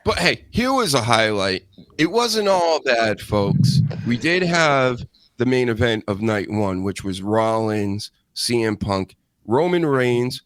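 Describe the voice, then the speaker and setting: A man's voice: mid-range voice, very animated, slow, no room sound. A man, chatting casually as a co-host of a wrestling review show, rambling with lots of fillers and mocking impressions. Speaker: podcast co-host.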